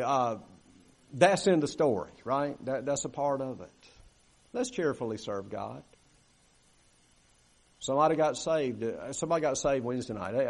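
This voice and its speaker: Guy preaching in church, chatty, keeps asking for amens, pitch a bit high. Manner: conversational, calls for amens, acts out quoted grumbling. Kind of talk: sermon. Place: church sanctuary.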